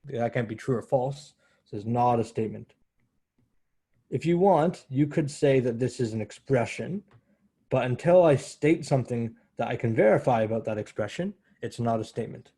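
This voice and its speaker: A man's voice: medium pitch, normal speed, warm tone, breathy edge. A man giving a university math lecture in a conversational way, often correcting himself as he explains step by step.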